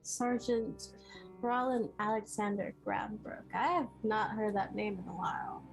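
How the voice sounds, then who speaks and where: A woman voicing a calm, wry cigar-smoking contact who can conjure fire, in a tabletop game. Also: mid-range voice, unhurried, creaky, soft background music, rough recording.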